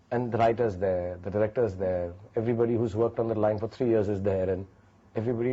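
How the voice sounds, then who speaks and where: Brief: male lead actor, rapid, lively anecdotes, dark husky tone, muffled audio. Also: lowish voice. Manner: animated, acts out quotes. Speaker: actor interviewed. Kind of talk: anecdotal interview.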